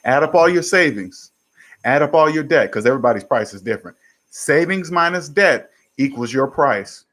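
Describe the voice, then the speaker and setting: This male show host and personal finance coach has a somewhat high, expressive voice that's a bit bright, delivered at a moderate pace. He's giving a listener casual money advice, hammering home the same simple formula over and over with emphatic repetition.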